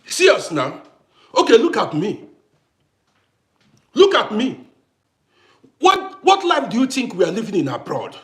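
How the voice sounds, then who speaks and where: A man from Africa rants straight to camera in a high, swooping voice. He fires off rhetorical questions and circles back over the same points again and again for emphasis. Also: wildly swooping pitch, normal speed, fairly bright tone. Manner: ranting, rhetorical questions, repeats himself. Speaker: vlogger. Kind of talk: impassioned monologue to camera.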